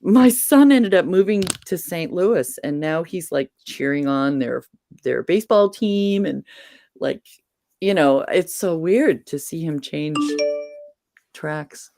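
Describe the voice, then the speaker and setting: A woman's voice: sits low, slow pace, soft background music. A middle-aged woman from New England hosting a casual video-call chat, telling stories animatedly and laughing often. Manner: chatty, animated storyteller who laughs often.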